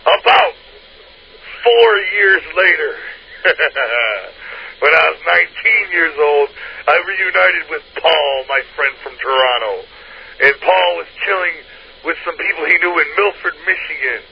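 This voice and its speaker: Gravelly man laughing through a crude tale. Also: a little high, a little slow, long pauses. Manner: crude, profane, laughs through his own story. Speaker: hotline storyteller. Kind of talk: casual spoken anecdote. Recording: dull lo-fi line with faint hiss.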